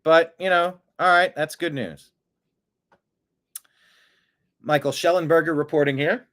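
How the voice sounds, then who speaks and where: A man's voice: fairly high pitch, a little slow, fairly bright tone. A middle-aged man hosting an online political commentary show, blunt and sarcastic with rambling asides.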